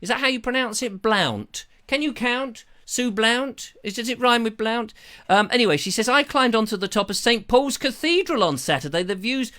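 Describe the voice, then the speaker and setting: A man's voice: extremely high pitch, moderate pace. A middle-aged English man with an English accent, telling a rambling story on a live stream and acting out bells and voices. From England. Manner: animated, mimics bell sounds and voices. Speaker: vlogger hosting a live stream. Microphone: lavalier.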